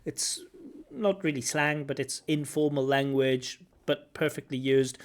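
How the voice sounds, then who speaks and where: A man working as a language examiner, giving lively spoken feedback on a candidate's test, recorded over a video call. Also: medium pitch, measured pace. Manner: animated, acts out intonation with singsong syllables.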